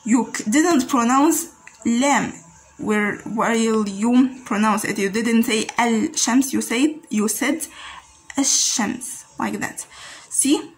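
A woman's voice: on the high side, slow pace, a little hiss or hum, low-quality recording. A woman teaching grammar patiently, repeating each example word several times. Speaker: Arabic teacher. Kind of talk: grammar lesson explanation.

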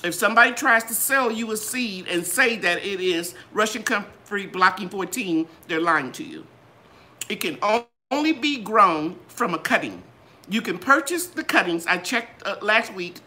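An older woman hosting a gardening channel, chatting in a live Q and A with a lively, sing-song delivery. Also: normal speed. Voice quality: bright, trained singer's voice. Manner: animated, sing-song ups and downs in pitch. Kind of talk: live Q and A chat.

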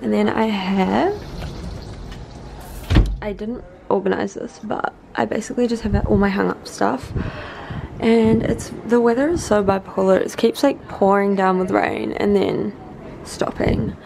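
A young woman in her twenties vlogging casually, gushing and swearing with excitement, at times tearful. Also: mid-range voice, unhurried, creaky, background noise. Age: young adult. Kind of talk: casual vlog.

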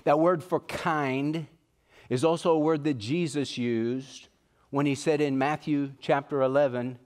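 A pastor preaching a sermon earnestly, slowing down to stress key words. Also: male voice, fairly high pitch, fairly even intonation, a little mellow.

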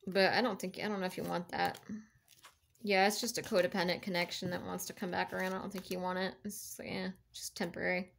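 A woman's voice: lowish voice, level tone, fast, vocal fry, fairly bright tone. A woman giving a casual tarot reading, chatty and encouraging, rambling with lots of fillers and restarts. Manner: chatty and encouraging, laughs between thoughts. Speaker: tarot card reader.

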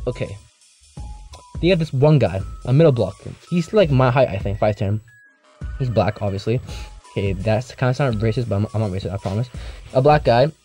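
A teenage boy telling a casual storytime, rambling and slangy, with lots of restarts and animated asides. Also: mid-range voice. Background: faint background music.

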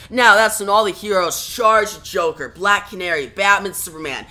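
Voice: medium pitch, moderate pace, bright, forceful tone. A comic book reviewer casually retelling an issue step by step, starting each beat with "now.". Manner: plain step-by-step narration, frequent "now".

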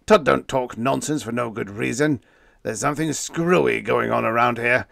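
A man voicing a gruff older male spaceship captain who roars and rasps in exasperation. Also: medium pitch, normal speed, fairly bright tone, dry recording. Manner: roaring, rasping, exasperated.

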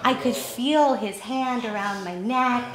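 A woman telling a personal story at a live storytelling event, animated and self-deprecating, often laughing as she talks. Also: fairly high pitch, slow pace, a crowd in the background. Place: storytelling event in a small theater space. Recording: echoey room.

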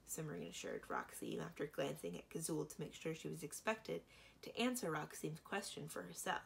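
A woman librarian giving an expressive children's book read-aloud. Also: low-pitched, normal speed, gravelly, a little hiss or hum. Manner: expressive, animated reading.

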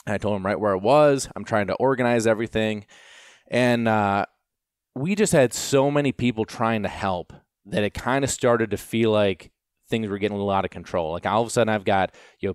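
A man who trains gundogs, casually telling a long story in an animated, self-deprecating way, with lots of fillers. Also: on the low side, brisk, clear, resonant tone, no room sound, clean studio sound.

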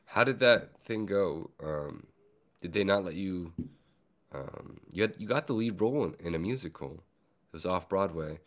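A young man with a deep bass voice hosting a podcast, chatting in a laid-back, joking way and often trailing off mid-sentence. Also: lively intonation, moderate pace, a bit bright. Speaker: podcast host. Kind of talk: casual chat.

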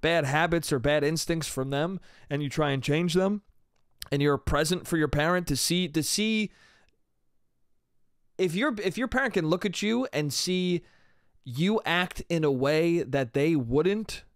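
Young male comic, solo podcast ramble, raised pitch, dead-dry close mic, loose and profane. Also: expressive, measured pace, dry recording. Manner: rambling, casual, swears a lot, trails off with "I don't know". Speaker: podcast host. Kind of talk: solo comedic podcast monologue.

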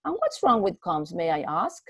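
A woman's voice: a little high, very animated, moderate pace, a little mellow, dry recording, studio quality, voice pushed up. A woman voicing a fussy, controlling elderly husband who speaks in a testy, commanding way.

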